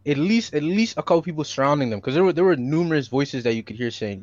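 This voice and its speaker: A man's voice: on the high side, animated, a little fast, few pauses, a little mellow, no room sound. A man in a casual podcast discussion, retelling events with slang and acting out the quotes. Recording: dry, dull lo-fi mic.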